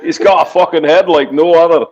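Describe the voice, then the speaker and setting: A man's voice: fairly high pitch, a little fast, a loud crowd. A man co-hosting a podcast in casual, crude banter, joking around. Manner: joking, crude, slips into mock accents. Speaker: podcast co-host. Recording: dull lo-fi audio.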